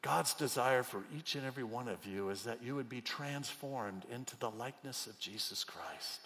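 A man preaching a sermon as pastor, swinging from loud cries to near whispers. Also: mid-range voice, moderate pace, in a large hall, slight background noise. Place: church auditorium.

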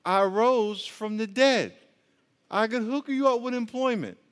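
A man preaching in an echoey hall voices a calm divine savior, reassuring slowly and evenly. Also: very high-pitched, clean tone, voice pushed up.

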